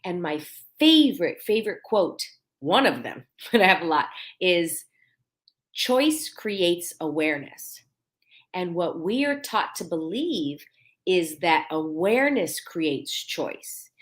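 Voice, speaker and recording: Lively, animated woman podcaster. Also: lowish voice, takes it slowly. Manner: animated, repeats phrases for emphasis. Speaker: podcast host. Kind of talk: live podcast monologue.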